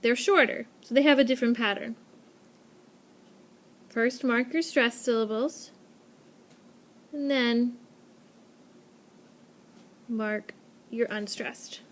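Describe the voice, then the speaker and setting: A young woman talks through a classroom lesson captured on a tablet's mic, her pitch sitting a little high for a woman. Her explanations are bright, clear and teacherly, with plenty of repetition for the main ideas. She speaks slowly and leaves long pauses.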